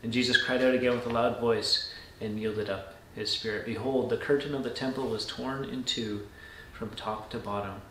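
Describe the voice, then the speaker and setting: A man's voice: mid-range voice, fairly even intonation, normal speed, few pauses, background noise. Man reading scripture in an echoey room. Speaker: pastor. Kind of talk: scripture reading and short devotional.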